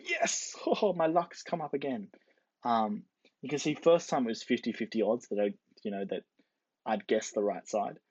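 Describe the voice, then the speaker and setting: A man's voice: fairly low pitch, darkish tone, breathy edge, dry recording. A man giving a casual explanatory lecture, playfully acting out the quoted characters. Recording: dull lo-fi dry recording.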